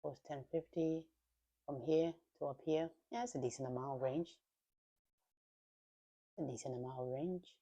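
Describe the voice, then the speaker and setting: A woman's voice: deep voice, expressive, moderate pace, pauses often, mellow, lo-fi sound. A woman streaming her futures trading live, thinking aloud in slangy, self-talking commentary. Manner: thinks aloud, talks to herself, slangy quips.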